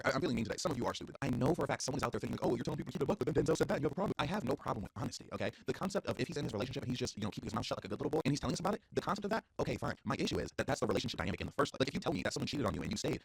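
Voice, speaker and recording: A young man streams a heated, casual rant to his chat, speaking at a rapid clip. His pitch swings widely and jumps up when he gets worked up. His voice has a gravelly edge to it. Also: expressive, dry recording.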